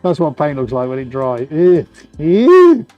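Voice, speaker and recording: A man's voice: mid-range voice, fairly even intonation, fairly quick, muffled recording, soft background music. A man hosting a live painting stream, chatting and joking as he works in his studio. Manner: chatty, jokey, laughs often while working. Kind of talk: casual live-stream commentary. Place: art studio, indoors.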